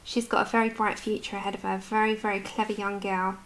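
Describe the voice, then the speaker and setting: A woman's voice: medium pitch, flat delivery, fast, a bit bright. A British woman in her adult years chatting casually with viewers while colouring on a livestream, answering their comments as she goes. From United Kingdom.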